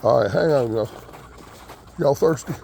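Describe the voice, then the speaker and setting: A man's voice: mid-range voice, a little slow, vocal fry, darkish tone, slight background noise. A man, chatting casually to his viewers and sweet-talking his hens while he feeds them outdoors. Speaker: backyard chicken keeper. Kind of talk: casual vlog chat. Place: outdoor yard and front porch in freezing weather.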